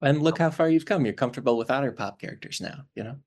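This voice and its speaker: A man's voice: medium pitch, fast talker, a little mellow. A man as a podcast guest, chatting in an easygoing, thoughtful way and laughing easily. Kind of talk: casual chat.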